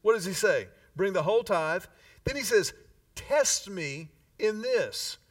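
Pastor guy preaching, folksy, kinda high voice, sounds a bit far from the mic. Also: lively intonation. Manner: folksy storytelling, emphatic slow phrasing on key words. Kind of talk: sermon.

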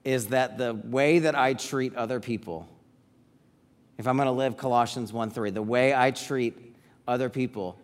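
A man preaching a sermon to parents, repeating key words for emphasis and letting phrases trail off softly. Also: medium pitch, steady tone, normal speed.

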